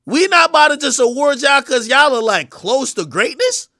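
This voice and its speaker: Young guy streaming, high lively voice, blunt n sweary, bone-dry sound. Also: normal speed, no echo. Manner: loud, blunt, swearing, swings between mumbling and shouting. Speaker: livestream host. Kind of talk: casual livestream rant.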